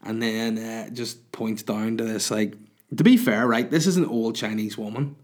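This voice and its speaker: A man hosting a podcast, rambling through a story with crude, self-mocking jokes. His voice sits slightly low, and he talks in a loose, casual monologue. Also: normal speed, a little mellow. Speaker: podcast host.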